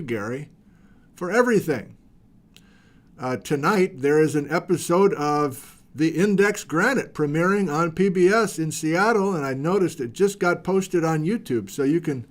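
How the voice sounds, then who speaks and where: A middle-aged man hosting a geology livestream, chattily reading out viewers' greetings with playful asides. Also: high-pitched.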